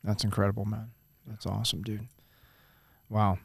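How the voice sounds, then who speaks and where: A man's voice: on the low side, level tone, moderate pace, gravelly, husky, no room sound. A man hosting a casual interview, asking earnest, rambling questions. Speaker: podcast host.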